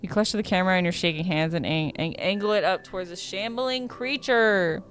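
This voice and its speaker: Woman streamer with a slightly low voice reading a dating sim aloud, casual and prone to stumbling, faint game music underneath. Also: fairly quick. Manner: reads in a casual tone, stumbles and corrects herself.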